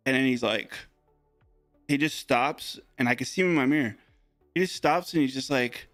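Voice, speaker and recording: A young man breaking sports cards on a live stream, telling a story in a rambling, animated, casual way. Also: medium pitch, normal speed, pauses often, no room sound, soft background music.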